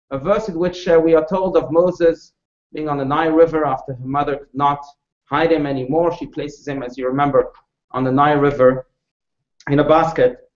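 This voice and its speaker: A male rabbi teaches a class with expressive storytelling, his voice rising and falling in pitch and loudness. He speaks a little higher than most men and often turns questions to his listeners. The sound is dull and lo-fi, and the room echoes. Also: moderate pace. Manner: asks the audience questions. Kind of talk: storytelling lecture to a live audience.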